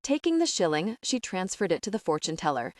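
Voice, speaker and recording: A woman's voice: fairly low pitch, sing-song, a little fast, dry recording, studio quality. Woman narrating a romance audiobook. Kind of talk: scripted narration.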